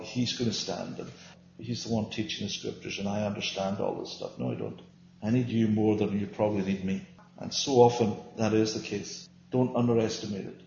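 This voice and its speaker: A man's voice: on the low side, vocal fry, a little mellow, slight background noise. An earnest man leads a small-group Bible teaching, pressing his points and answering his own questions. The recording is roomy and a bit dull, with faint ambience behind him.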